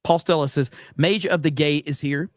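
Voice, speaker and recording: Hosting a casual stream, a man from the USA reads chat messages aloud with jokes and many fillers. He has a slightly high voice and a moderate pace. The audio is studio quality with no echo.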